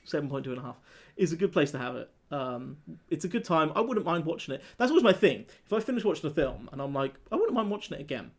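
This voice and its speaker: A man co-hosting a casual film review chat, animated and laughing as he acts out scenes. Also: on the high side, fast talker. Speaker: podcast co-host.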